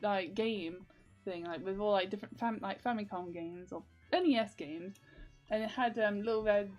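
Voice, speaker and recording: A woman's voice: medium pitch, normal speed, darkish tone, faint music behind. A young woman vlogging in casual, rambling chat, full of fillers and giggles.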